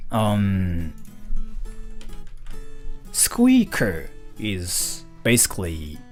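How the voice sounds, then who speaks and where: A man streaming live, chatting casually with viewers and reading donations in a rambling way with lots of fillers. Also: on the low side. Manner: animated, rambling with many fillers. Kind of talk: casual livestream chat.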